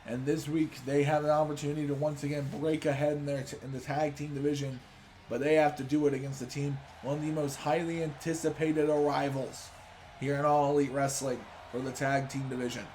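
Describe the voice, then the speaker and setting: Excitable man doing wrestling commentary. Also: on the high side, fairly quick, a little hiss or hum. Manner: excitable announcer hype. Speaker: commentator for a video game wrestling series.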